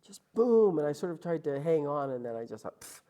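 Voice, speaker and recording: A woman's voice: low voice, fairly quick, muffled recording. A woman from Calgary, a guest in an interview, telling her story casually and acting out the lines of the people in it. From Calgary, Canada. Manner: animated, acts out quoted lines.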